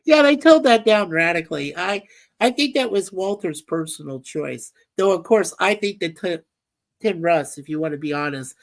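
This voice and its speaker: Low-voiced woman hosting a casual livestream. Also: expressive, moderate pace. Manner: chatty and rambling, reads comments aloud. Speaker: livestream host. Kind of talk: casual livestream chat, reading viewer comments.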